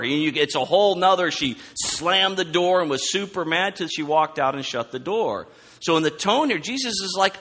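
A man preaching a sermon, animated, acting out quoted lines as he goes. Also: brisk. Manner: animated, acts out quoted lines with rising pitch. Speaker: pastor. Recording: long hall reverb.

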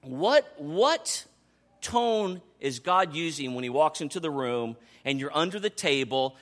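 A man in his thirties preaching a sermon in a conversational, animated way, dropping to soft asides and rising to excited calls. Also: a little high. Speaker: pastor.

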